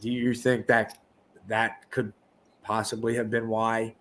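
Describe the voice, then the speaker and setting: A man's voice: lowish voice, level tone, a little hiss or hum. A man co-hosting a podcast, in crude, rambling casual banter, often acting out quotes. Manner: profane, rambling, quick to act out quotes. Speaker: podcast co-host.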